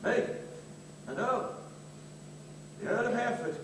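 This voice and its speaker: A man's voice: very high-pitched, animated, measured pace. An actor playing a cheeky young Cockney chancer on a theatre stage, joking his way through a posh household. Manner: cheeky, jokey banter. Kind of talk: live stage musical dialogue. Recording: echoey theatre from far off, noisy.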